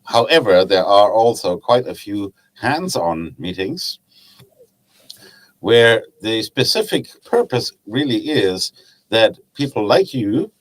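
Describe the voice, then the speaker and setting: A man's voice: fairly low pitch, very animated, slow pace. A middle-aged man with a German accent, a guest chatting casually on a podcast about his woodturning club. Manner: chatty, hesitant restarts, laughs at own stories. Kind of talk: casual podcast chat, storytelling.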